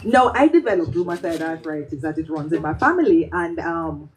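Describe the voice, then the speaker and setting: A woman's voice: sits low, big pitch swings, a little fast, rough recording. A Jamaican woman performing a spoken-word piece, telling her story with animation and slipping into patois. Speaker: poet.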